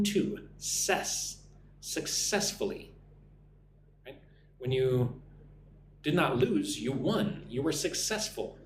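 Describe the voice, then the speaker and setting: Lively man teaching English on a live stream. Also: medium pitch, reverberant, a little hiss or hum. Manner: lively, reads chat comments aloud and models answers.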